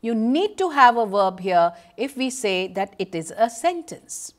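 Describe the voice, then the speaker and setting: A woman's voice: a little high, big pitch swings, measured pace. A woman with an Indian English accent giving an educational lecture, explaining step by step and reading out example sentences. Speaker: teacher.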